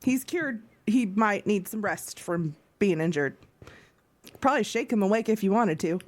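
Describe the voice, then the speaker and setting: A woman's voice: mid-range voice, lively intonation, normal speed, natural voice. A woman voicing a wary male town guard in a tabletop game, giving blunt orders.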